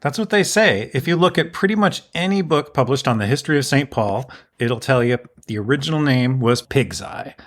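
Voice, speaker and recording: A man's voice: mid-range voice, animated, a little fast, few pauses. Wry male history podcast host. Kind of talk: casual storytelling about local history.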